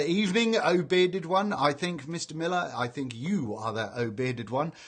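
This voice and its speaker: A man's voice: a little high, fairly bright tone. A man hosting a casual live stream, reading out viewer greetings in a chatty way and stumbling over names. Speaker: livestream host reading chat.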